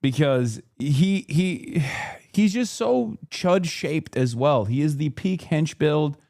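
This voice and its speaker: A man hosting a live stream, reacting in casual, animated commentary with swearing and quick jokey asides. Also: on the high side, vocal fry, no room sound, clean studio sound. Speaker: streamer host.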